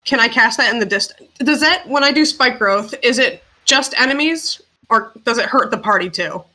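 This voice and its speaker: A woman's voice: on the high side, lively intonation, moderate pace, sharp tone, low-quality recording. A woman playing an online tabletop game, chatting casually and bluntly with frequent swearing. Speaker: player.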